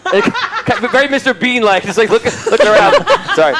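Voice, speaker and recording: A man's voice: extremely high pitch, very animated, a little fast, a loud crowd. A man running a tabletop game as game master, narrating with frequent laughter and rambling asides.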